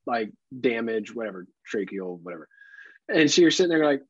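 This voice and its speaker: Husky man riffing sarcastically. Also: medium pitch, expressive, fast, no room sound. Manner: joking, sarcastic riffing with swearing. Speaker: podcast co-host. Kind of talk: casual chat. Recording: dull dry sound.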